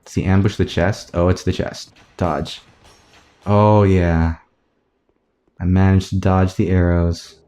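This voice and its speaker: A man casually commentating his own gameplay, rambling aloud through tangents with soft self-mocking asides. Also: low-pitched, little pitch movement, slow, pauses often. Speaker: let's play gamer.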